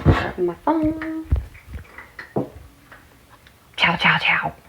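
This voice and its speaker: A woman with a slightly high voice talks casually on her vlog at home. She rambles, exclaims and mutters half to herself as she goes about her day. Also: sing-song, measured pace, bright, forceful tone, rough recording. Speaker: vlogger. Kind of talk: casual chat.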